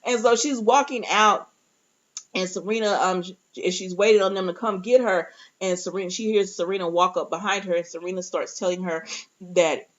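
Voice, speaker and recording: A young woman, recapping a TV episode in a casual, animated way, acting out quotes and laughing often. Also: mid-range voice, normal speed. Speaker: TV recap vlogger. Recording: slightly dull lo-fi audio.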